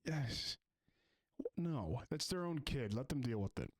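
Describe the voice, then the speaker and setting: A man from the Philadelphia area talks over a clip in a sarcastic rant. He mocks what he hears and riffs loosely between points, at an average mid pitch. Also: lively intonation, unhurried. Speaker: reaction video host. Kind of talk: reaction commentary.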